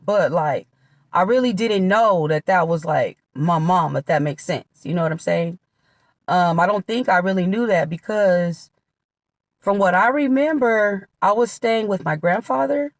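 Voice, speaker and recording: A woman talks straight to her viewers, telling her own life story with blunt honesty and loose, everyday phrasing. Her voice sits at a middle pitch. The sound is dry and close, with no room echo. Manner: candid, conversational, drops into quoted voices of relatives. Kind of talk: casual storytelling testimony.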